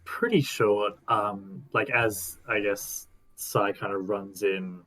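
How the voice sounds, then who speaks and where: A man's voice: fairly low pitch, fairly even intonation, slow pace, fairly bright tone. A man playing a tabletop role-playing game, describing his move hesitantly. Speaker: player. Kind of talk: casual tabletop play.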